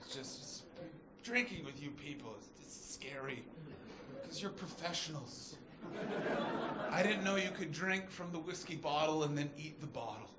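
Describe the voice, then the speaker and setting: Loud, high-voiced man doing stand-up. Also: lively intonation, moderate pace, very noisy. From Canada. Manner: loud, manic, shouting punchlines. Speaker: stand-up comedian. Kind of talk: stand-up comedy set. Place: comedy club stage with audience. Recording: echoey club with loud crowd laughter.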